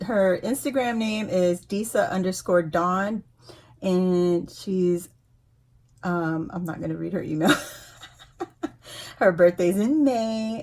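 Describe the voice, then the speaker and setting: A woman's voice: mid-range voice, darkish tone. A woman vlogger chatting casually as she unboxes craft supplies, gushing and exclaiming often with frequent laughter. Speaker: craft vlogger opening a giveaway package. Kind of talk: excited casual unboxing chat.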